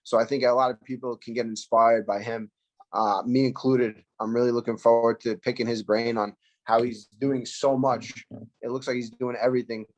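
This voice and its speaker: A man's voice: mid-range voice, level tone, moderate pace, a little mellow, muffled recording. A man, a fighter answering interview questions in a loose, rambling way, speaking through phone earphones. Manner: rambling, loose, full of fillers and restarts. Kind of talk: casual interview over video call.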